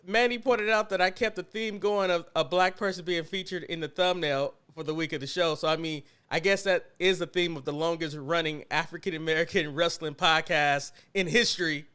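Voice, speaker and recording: A man's voice: a little high, fairly even intonation, a little fast, few pauses, pushed and bright, smooth. A man hosting a podcast over a video call, joking and laughing through teasing banter with his co-hosts. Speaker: podcast host. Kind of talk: casual chat.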